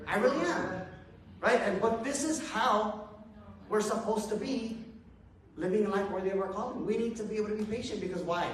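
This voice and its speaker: Male preacher, high register, loose and self-mocking, heard far off in a very echoey hall. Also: a little fast, slight background noise. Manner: casual, self-deprecating, chuckling asides. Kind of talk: conversational sermon. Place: church hall with a congregation.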